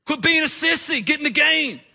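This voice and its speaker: A man's voice: extremely high pitch, a little fast, vocal fry, bright, forceful tone, big-room sound, voice pushed up, full character voice. A man playing a dismissive, tough-love sports trainer who barks orders. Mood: barking.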